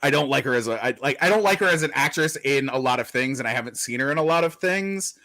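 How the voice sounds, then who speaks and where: A man's voice: medium pitch, expressive, quick pace, bright, forceful tone, no echo. A man talking in a casual chat, rambling with lots of fillers, restarts and swearing.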